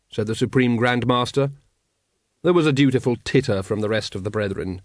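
A man's voice: mid-range voice, animated, a little fast, dry recording. A man narrating a comic fantasy story with wry, dry storytelling. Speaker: audiobook narrator. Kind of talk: scripted narration.

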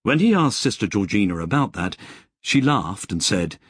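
A man with a low, husky voice narrates a novel. His pitch moves a lot as he tells the story, and the recording is dry, with no room sound. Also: moderate pace, no room sound. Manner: expressive storytelling. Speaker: audiobook narrator. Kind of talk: scripted narration.

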